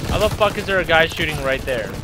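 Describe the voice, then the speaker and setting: A young man giving casual, profane, excitable commentary while playing a war shooter, shouting at the game. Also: a little high, quick pace, background noise. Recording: loud gunfire from the game over the voice.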